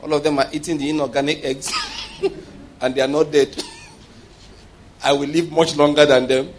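A man's voice: a little high, level tone, moderate pace, a little hiss or hum. A man preaching a sermon with humor, often laughing and calling for responses from the congregation.

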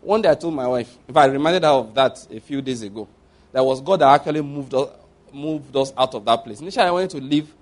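A man preaching a conversational sermon, repeating phrases for emphasis and swinging between quiet and loud passages. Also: mid-range voice, fast.

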